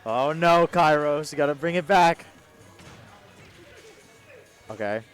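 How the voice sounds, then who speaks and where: A man's voice: fairly high pitch, slow, clean tone, faint music behind. A young man doing playful, joking live commentary on a fighting game match. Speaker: esports co-commentator.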